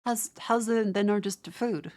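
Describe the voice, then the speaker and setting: A woman's voice: mid-range voice, measured pace, darkish tone. A young Australian woman streaming live, chatting casually, exasperated and swearing as she rants at her chat.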